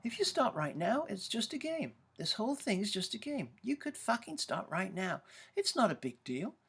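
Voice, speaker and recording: A man voicing a shrill, high-pitched inner voice that nags an athlete to quit. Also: big pitch swings, normal speed, creaky, a bit bright, husky, full character voice. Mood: wheedling. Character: shrill nagging male inner voice urging quitting.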